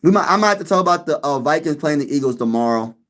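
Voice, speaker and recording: A man's voice: a little high, lively intonation, quick pace, fairly bright tone. A man hosting his own sports channel, talking casually to his viewers, repeating himself and laughing at his own jokes. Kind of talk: casual sports vlog chat.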